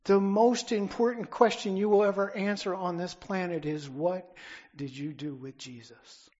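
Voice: medium pitch, steady tone, moderate pace, darkish tone, lo-fi sound. A pastor preaching a sermon with emphatic declarations that build and then drop back down.

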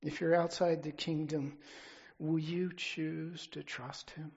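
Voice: mid-range voice, level tone, slow, darkish tone, breathy edge, muffled recording. A pastor preaching a sermon with emphatic declarations that build and then drop back down.

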